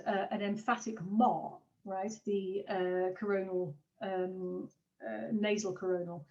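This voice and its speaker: A woman gives an academic seminar with a voice of ordinary pitch, pausing often on hesitant fillers. She sounds a little off the mic, and the recording is dull and muffled. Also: darkish tone. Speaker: lecturer. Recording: distant muffled online talk recording.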